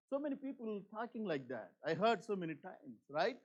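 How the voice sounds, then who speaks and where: A man preaching a church sermon in an earnest, repetitive way, with many fillers, swinging between emphatic and hushed. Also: high-pitched, sing-song, brisk, hardly any pauses, lo-fi sound. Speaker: pastor.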